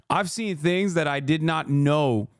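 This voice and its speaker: A man's voice: a little high, dry recording. A man livestreaming casual political commentary, ranting in a sarcastic, profane, heated way on a close mic.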